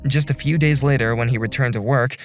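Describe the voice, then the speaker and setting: Man voicing a calm, earnest section chief. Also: mid-range voice, fairly quick, soft background music, close to an everyday voice. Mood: narrating. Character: steady male office section chief, young adult. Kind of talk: dubbed animated drama narration.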